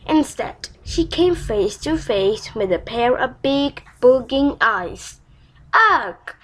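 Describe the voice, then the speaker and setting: A woman reading a children's storybook aloud in a slow, expressive way. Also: a little high, a little hiss or hum, low-quality recording.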